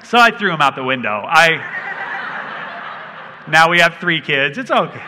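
A man's voice: on the high side, big pitch swings, moderate pace, bright, forceful tone, a little hiss or hum. A man in his thirties preaching a sermon as a pastor, telling stories with humor and animation. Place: large church hall. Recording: long reverb of a big hall.

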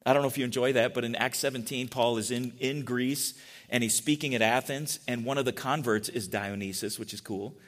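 Middle-aged pastor chatting with his congregation. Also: medium pitch. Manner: chatty, asks the congregation questions. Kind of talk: conversational sermon.

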